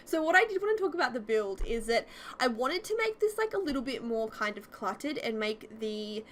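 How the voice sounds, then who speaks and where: A woman casually talking over a video, fast and chatty with lots of fillers, giggly and self-deprecating. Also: a little high, very animated, slight background noise. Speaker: YouTuber.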